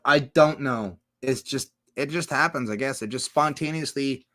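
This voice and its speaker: A man's voice: medium pitch, moderate pace, fairly bright tone. A man hosting a casual livestream, reading out chat comments and riffing on them in a rambling, profane way.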